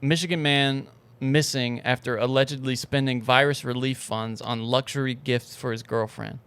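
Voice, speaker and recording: Smooth-voiced man reading headlines. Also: medium pitch, fairly even intonation, moderate pace, fairly bright tone. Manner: easygoing, laughs often, reads headlines aloud. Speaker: podcast co-host reading headlines. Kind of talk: casual chat and reading news.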